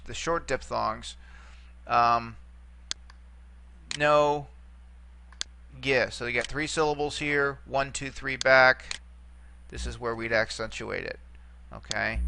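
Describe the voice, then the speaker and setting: A man's voice: medium pitch, pushed and bright, a little hiss or hum. A man teaching a lesson, walking through examples patiently and repeating each term. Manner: patient, repeats terms, reassuring asides. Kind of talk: screen-recorded lesson.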